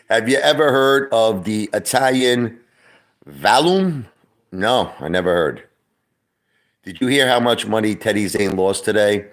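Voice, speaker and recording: This livestream host is a middle-aged man from Brooklyn, New York, who wanders through casual chat with swearing and repetition. He speaks at a measured pace in a fairly low, slightly bright voice.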